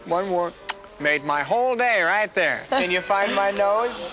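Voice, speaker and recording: A male animal trainer coaxes a bird through its tricks in an encouraging, coaxing way. His voice is high for a man. Music plays behind him. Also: a little slow.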